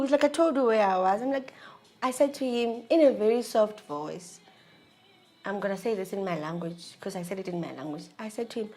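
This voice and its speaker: A woman with a South African accent, a vlogger candidly telling a personal story in a slangy, animated way. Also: mid-range voice, fairly quick.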